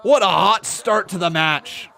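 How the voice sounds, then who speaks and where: Excitable man on a live watch-along stream. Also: high-pitched, unhurried, creaky. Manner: excitable, chatty, breaks into loud chants and playful outrage. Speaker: streamer and wrestling commentator.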